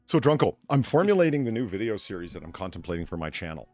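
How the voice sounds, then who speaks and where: A man hosting a casual podcast, chatty and profane, with excitable bursts. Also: fairly low pitch, fast, soft background music. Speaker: podcast host.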